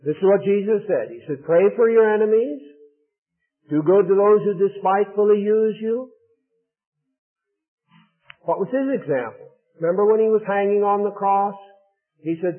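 A high-voiced man preaches a sermon, explaining scripture earnestly and pressing his points with rising emphasis. The audio is thin and tinny, like a phone line. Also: normal speed, long pauses.

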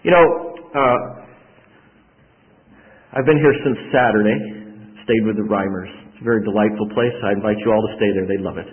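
A man preaching a sermon as a visiting preacher, emphatic, with sudden swells and drops in loudness and phrases repeated for effect. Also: lowish voice, moderate pace, long pauses. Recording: echoey hall, tinny phone-like sound.

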